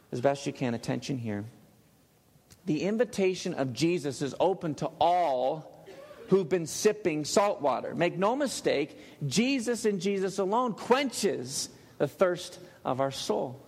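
A male pastor preaching a sermon in a church, emphatic and dropping to a hush on key words. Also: fairly high pitch, expressive, measured pace, vocal fry. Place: church sanctuary. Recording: long hall reverb.

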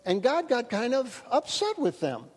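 A high-pitched male pastor delivers an earnest sermon. He stresses important phrases by slowing down. His voice rings with long reverb in a church hall. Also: huge pitch swings. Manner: earnest, emphatic preaching with slowed key phrases.

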